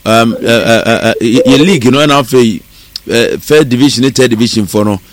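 A man's voice: medium pitch, brisk. A man hosting a sports radio show, asking questions and murmuring agreement. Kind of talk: Twi sports radio chat.

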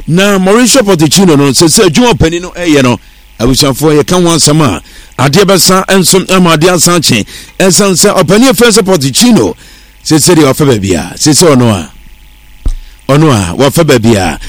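Man, radio sports news read, high voice, dry close studio mic. steady delivery. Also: no echo. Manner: steady newsreader delivery, mixing English words into his talk.

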